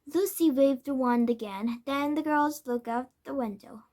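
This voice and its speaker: A woman reading a children's storybook aloud, careful and steady, now and then correcting a word. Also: high voice, measured pace. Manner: careful, with small self-corrections. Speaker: storybook reader. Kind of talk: children's book read-aloud.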